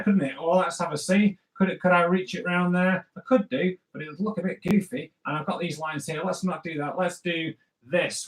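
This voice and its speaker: A middle-aged man teaching kids to draw comics, chatting as he draws and checking in with "okay?" and "right?". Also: on the high side. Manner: chatty, talks while drawing, lots of "okay?" and "right?". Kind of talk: drawing lesson for kids. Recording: roomy echo.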